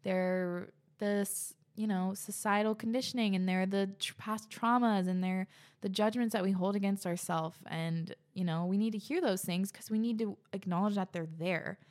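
A woman's voice: mid-range voice, steady tone, moderate pace, darkish tone. A woman hosting a podcast in a casual, gushing way, reading listener letters and reacting with lots of "like". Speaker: podcast host.

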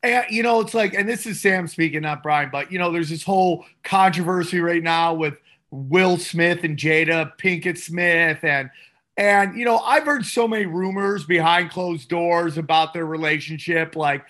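A man co-hosting a comedy podcast in casual chat, excitable with loud laughing bursts. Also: on the high side, moderate pace. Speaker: podcast co-host.

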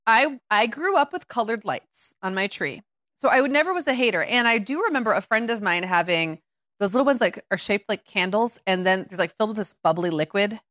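This is a woman in her forties from the American Midwest, co-hosting a casual podcast. She chats in an animated, rambling way, full of fillers. Her pitch sits in the middle, and the recording is close and dry with no room sound. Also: a little fast, no echo. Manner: animated, chatty, lots of fillers and mimicked voices. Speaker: podcast co-host. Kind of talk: casual chat.

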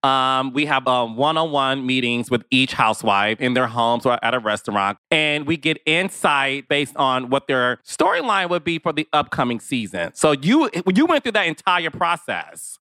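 Male podcast host, bright forceful tone, crisp clear voice, dry close sound, probing sympathetic questions. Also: mid-range voice, very animated, normal speed, hardly any pauses, no room sound. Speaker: podcast host, former reality TV producer. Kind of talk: conversational interview.

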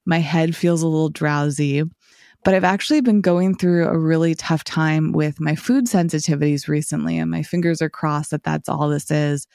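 A woman's voice: low-pitched, gravelly, darkish tone, no room sound, clean studio sound. A woman hosting a solo podcast, talking through her thoughts in a rambling, reflective way with many filler "like"s. She sounds tired and slightly scratchy. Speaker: podcast host.

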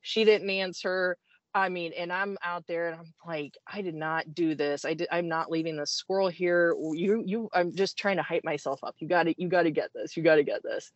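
Animated woman telling a story, dull sound. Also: lowish voice, moderate pace, no echo. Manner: animated, self-deprecating, full of restarts. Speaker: guest. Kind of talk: casual storytelling in an interview.

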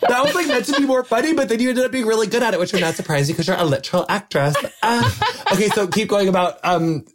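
A playful man host with a fairly high voice runs a casual interview full of quick jokes. He cuts himself off and tosses in fast asides. A faint hiss sits under his voice. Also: expressive. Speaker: podcast host.

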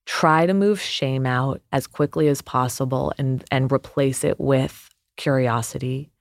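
Gravelly-voiced woman therapist talking earnestly. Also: very deep voice, measured pace, no room sound, clean studio sound. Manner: reflective, earnest storytelling with frequent fillers. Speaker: therapist guest. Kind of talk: casual podcast conversation.

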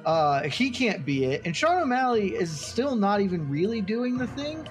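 A man's voice: high voice, very animated, moderate pace, faint music behind. A man on a panel arguing his pick with a wry tone, now and then mocking others in a put-on voice. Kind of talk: casual debate.

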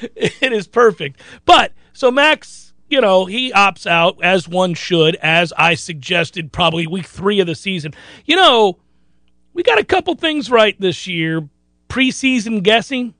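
A man's voice: high-pitched, expressive, a little slow, sharp tone, no echo. A man hosting a sports talk radio show, boastful and joking, rambling between bets and news.

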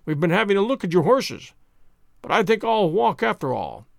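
A man reading the part of a cool, shrewd gentleman detective in a storybook narration, with a calm measured manner. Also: high voice, creaky, no room sound, studio quality, exaggerated voice.

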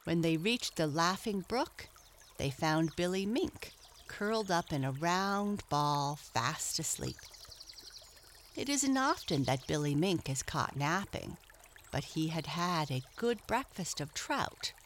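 A woman narrating a children's storybook in a gentle, storytelling manner. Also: on the low side, animated, slow, a little hiss or hum.

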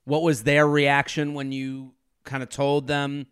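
A man co-hosting a podcast, asking the guest animated, rambling questions full of restarts. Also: medium pitch, unhurried, smooth. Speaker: podcast co-host. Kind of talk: casual interview chat.

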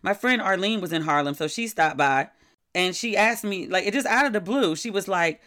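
A middle-aged woman hosting a podcast, chatting casually in a candid, wry, animated way. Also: medium pitch, moderate pace. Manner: candid, wry and animated, with sudden quoted outbursts. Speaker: podcast host. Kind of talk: casual solo podcast chat.

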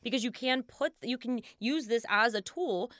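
Young woman actress on a podcast, higher bright voice, candid and laughy, dry recording. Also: normal speed, no echo. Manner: earnest and candid, laughs often, swears casually. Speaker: actress and director, podcast guest. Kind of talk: casual chat.

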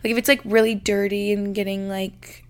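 Reading listener confessions aloud on her casual podcast, a young host chats about each one, laughs while reading, and uses "like" nonstop. She speaks at a normal speed in a mid-range voice with little pitch movement.

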